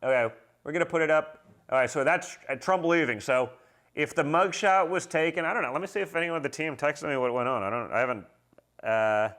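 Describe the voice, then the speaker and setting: A man's voice: medium pitch, a bit bright, smooth. A man hosting a casual livestream, talking bluntly and combatively and reading out viewer comments.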